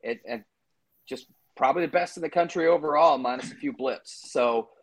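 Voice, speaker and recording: A man's voice: fairly high pitch, moderate pace. A man co-hosting a podcast, giving his betting picks in loose, chatty talk full of fillers and asides. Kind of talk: casual sports-betting chat.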